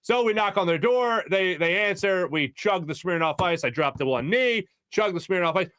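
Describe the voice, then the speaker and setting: Energetic sports radio host, dry studio sound. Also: male voice, high-pitched, normal speed, no echo. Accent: Philadelphia. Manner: rambling storyteller, energetic, many restarts. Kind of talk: casual sports talk show monologue. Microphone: studio microphone.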